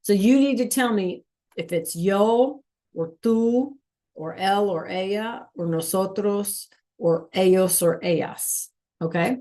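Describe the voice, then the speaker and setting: A woman's voice: mid-range voice, slow pace, dark tone. A woman teaching a Spanish class over a video call, often checking in with "right?" and "okay?". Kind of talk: online class lesson.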